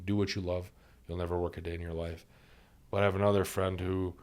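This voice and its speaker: A man's voice: deep voice, darkish tone. A man, a doctor and podcast guest, earnestly sharing stories and life advice, repeating key phrases for emphasis. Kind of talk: reflective conversational storytelling.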